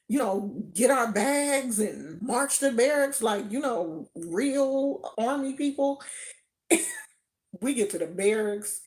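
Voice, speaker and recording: A woman from California telling a personal story in a casual, animated way, often laughing. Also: fairly high pitch. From Oakland, California. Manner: animated, laughs often, acts out quoted voices.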